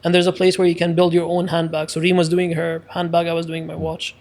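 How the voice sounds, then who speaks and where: Higher-voiced guy chatting on a podcast, animated, lots of likes and ums. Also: fast talker. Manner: animated storyteller, filler-heavy. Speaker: podcast co-host. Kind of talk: casual chat.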